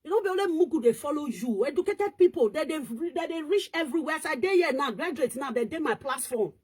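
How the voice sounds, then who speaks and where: A woman's voice: sits high, animated, fast, a little mellow. A woman with a Nigerian Pidgin accent, ranting and scolding in casual online commentary, switching between languages.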